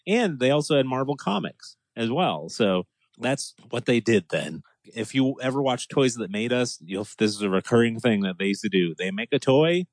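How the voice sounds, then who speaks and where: Man from new england, forties, animated casual podcast talk, laughs often, dry close sound, mid-pitched. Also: no room sound. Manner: animated, laughing, does quick impressions. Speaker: podcast co-host. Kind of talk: casual chat.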